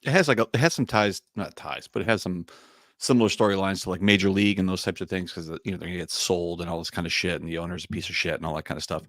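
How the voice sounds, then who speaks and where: Fast-talking low-voiced man on a podcast. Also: fairly bright tone, dry recording, studio quality. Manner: quick, sweary, laughs along. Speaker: podcast co-host. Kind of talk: casual chat.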